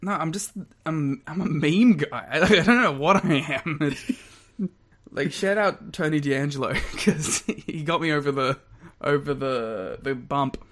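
Laughing young man, higher-pitched. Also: unhurried. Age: 20s. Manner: lively, laughs often, rambling storyteller. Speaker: podcast co-host. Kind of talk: casual chat.

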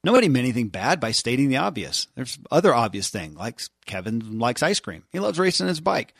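A man's voice: medium pitch, sing-song, a little fast, gravelly, dry recording, clean studio sound. A middle-aged man hosting a podcast, speaking in an earnest, reflective monologue and addressing listeners as folks. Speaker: podcast host.

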